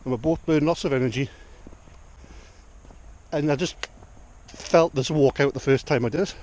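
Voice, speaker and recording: A man's voice: medium pitch, moderate pace, a little mellow, a little hiss or hum. A young man from North East England with a Northumbrian accent, vlogging in casual rambling chat while out on a rural walk. He thinks aloud and talks to his dog as he goes.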